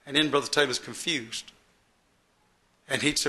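Forceful, folksy male preacher. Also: a little high, lively intonation, unhurried, long pauses. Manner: folksy, emphatic, repeats phrases for effect. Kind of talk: sermon.

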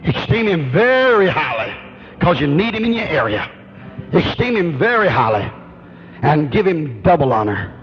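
A man's voice: fairly high pitch, big pitch swings, moderate pace, slightly rough, faint music behind. A man preaching a sermon with an emphatic, rhythmic preaching cadence. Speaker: pastor. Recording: dull lo-fi recording.

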